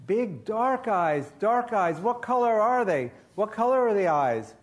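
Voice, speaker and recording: A man's voice: high voice, very animated, measured pace. A man in his sixties, a children's author, telling a ghost story live and coaxing the young audience to call out answers. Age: 60s.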